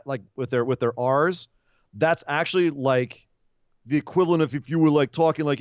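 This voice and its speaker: Rambling, animated male podcast co-host. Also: on the high side, a little fast, no room sound, dull audio. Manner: animated, rambling, explains at length with asides. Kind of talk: casual wrestling podcast chat.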